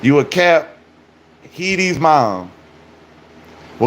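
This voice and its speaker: A male livestreamer with a slightly raised pitch, bantering with his chat. He jokes loosely, swears freely and talks to viewers directly. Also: expressive, takes it slowly, a little hiss or hum. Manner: profane, joking banter with viewers.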